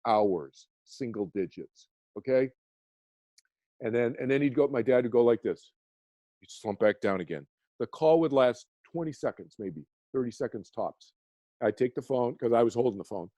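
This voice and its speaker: Warm-voiced man explaining earnestly. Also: mid-range voice, animated, normal speed, dry recording. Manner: frequent restarts, checks in with "okay?". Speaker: guest, meditation teacher.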